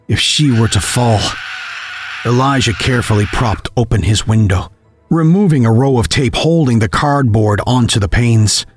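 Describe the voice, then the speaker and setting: A man narrating a scripted horror audio story in a measured, grim storytelling manner. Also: medium pitch, breathy edge, dry recording.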